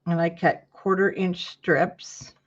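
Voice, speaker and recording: A woman's voice: fairly low pitch, steady tone, slow, highs cut off, noisy background. Chatty woman teaching a paper craft. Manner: chatty, greets viewers by name mid-task. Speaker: craft tutorial host. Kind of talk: casual craft tutorial.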